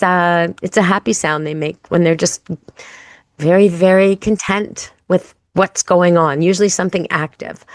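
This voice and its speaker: A woman's voice: lowish voice, no room sound, studio quality. A woman hosting a pet radio show, chatting casually and playfully. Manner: chatty, playful, imitates animal sounds. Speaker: podcast host.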